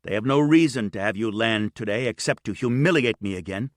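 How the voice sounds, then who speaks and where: A man voicing an angry, resentful young male copilot who shouts in a harsh, impatient way. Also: on the low side, a little fast, no echo, studio quality, lightly acted. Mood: furious.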